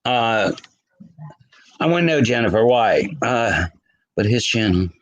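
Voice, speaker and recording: A man's voice: medium pitch, lively intonation, measured pace, lo-fi sound. A man hosting a casual livestream, chatting with viewers by name and laughing often. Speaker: livestream host.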